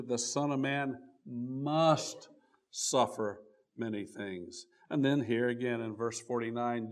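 A man preaching a sermon, reading old-style scripture aloud and stopping often to restart, his voice swelling on key words and then dropping low and quiet. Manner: reads scripture aloud in King James wording with frequent restarts.

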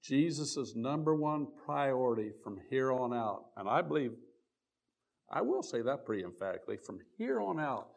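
A man preaching a sermon, reading old-style scripture aloud and stopping often to restart, his voice swelling on key words and then dropping low and quiet. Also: very animated, moderate pace, gravelly. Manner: reads scripture aloud in King James wording with frequent restarts.

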